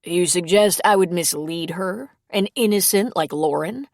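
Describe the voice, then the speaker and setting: A woman's voice: on the low side, a little slow, no room sound, studio quality. A woman reading the lines of a cheerful, joking male priest in an audiobook. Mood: playful. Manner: playful, mock-offended.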